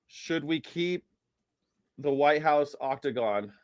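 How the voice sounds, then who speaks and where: A man's voice: fairly high pitch, lively intonation, slow, no echo. A man hosting a live news reaction show, talking casually in a rambling, profane way and correcting himself as he goes.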